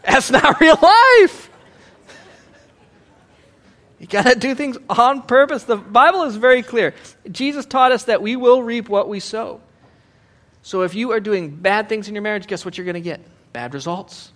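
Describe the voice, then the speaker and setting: Animated, joking male preacher, bright voice. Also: high voice, moderate pace, long pauses. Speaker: pastor. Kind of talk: sermon.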